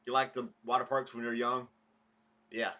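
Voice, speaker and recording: A man's voice: mid-range voice, flat delivery, moderate pace, pushed and bright. A man hosting a casual morning livestream podcast, rambling chattily and greeting viewers by name. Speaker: podcast host.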